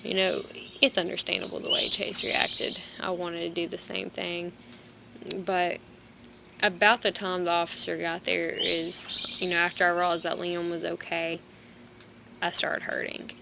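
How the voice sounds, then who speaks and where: A young woman vlogger, in pain and low on energy, telling a story in a rambling, halting way into a phone. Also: vocal fry. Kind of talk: casual vlog storytelling. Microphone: phone camera. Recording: background noise with birds and insects.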